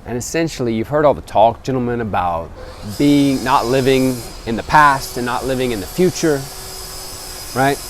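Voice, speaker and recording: A man vlogging outdoors beside a temple, talking earnestly to camera as he calls his listeners gentlemen. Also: mid-range voice, normal speed, a little hiss or hum. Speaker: travel vlogger. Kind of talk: casual motivational talk to camera.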